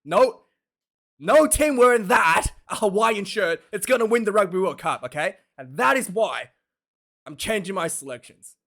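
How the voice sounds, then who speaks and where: A man hosting a casual rugby predictions vlog, talking in an animated, jokey, ranting way with loud outbursts. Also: high voice, normal speed. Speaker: rugby vlogger.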